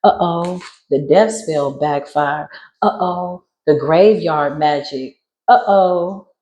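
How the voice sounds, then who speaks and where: A woman's voice: slow pace, mellow, roomy sound, low-quality recording. Brash, profane woman giving a spiritual reading. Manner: brash, sassy and profane, with sudden high squeals. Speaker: spiritual reader. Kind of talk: casual spiritual reading monologue.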